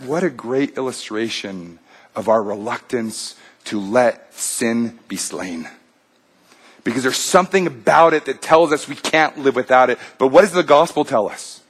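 A man's voice: medium pitch, moderate pace, a bit bright, breathy edge. A male pastor preaching a sermon, retelling a story in a conversational way with fillers.

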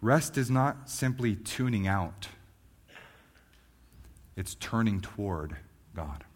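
A man preaching a sermon as a pastor, moving from quiet reflection to loud, fervent emphasis. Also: lowish voice, expressive, takes it slowly.

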